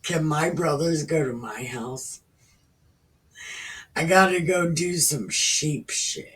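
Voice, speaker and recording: A woman's voice: low-pitched, slow. A woman doing a brash scheming young prince. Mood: pushy. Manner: pushy, slangy, profane. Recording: distant from the mic.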